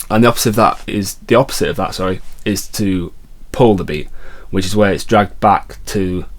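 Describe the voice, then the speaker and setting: A man explaining how to set lyrics to a melody in a relaxed online music lesson, counting beats aloud. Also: low voice, moderate pace. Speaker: guitar and songwriting teacher.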